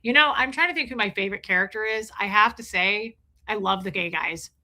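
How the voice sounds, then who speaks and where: A woman's voice: mid-range voice, brisk, pushed and bright. A woman live streaming in casual chat, gushing and rambling as she answers viewers' comments. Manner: gushing, enthusiastic, rambling with restarts.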